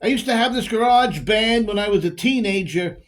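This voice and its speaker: A high-voiced, rambling divorced man pours out his troubles, as performed by a man. He is confused and emotional, circling back to repeat lines and stretching words slowly in a halting monologue. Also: lively intonation.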